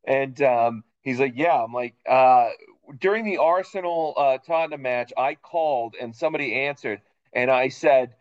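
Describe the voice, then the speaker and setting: Man, casual podcast co-host, rambling joker, mid pitch, slightly muffled lo-fi sound. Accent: Boston. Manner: joking, rambling storyteller. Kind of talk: casual chat.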